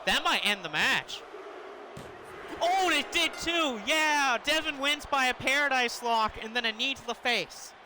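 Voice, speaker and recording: Hoher, aufgedrehter Mann kommentiert ein Wrestlingspiel. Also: male voice, very high voice, a little slow, a little hiss or hum. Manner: excitable, chatty, laughs often. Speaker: gaming commentator. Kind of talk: casual let's-play commentary.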